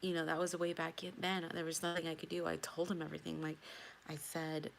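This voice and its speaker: A woman's voice: low-pitched, completely flat delivery, a little fast, gravelly, a little hiss or hum. A woman telling a personal story in a rambling, emotional vlog, often repeating herself. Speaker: tarot vlogger.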